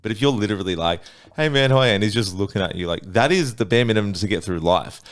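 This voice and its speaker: A man's voice: on the low side, animated, fast talker. A man on a podcast panel, rambling through his opinions in casual chat.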